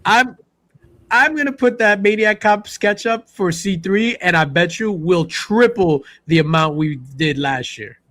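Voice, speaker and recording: Animated man hosting a pop culture chat. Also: sits high, measured pace. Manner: animated storyteller, acts out quotes. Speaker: podcast host. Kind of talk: casual panel chat.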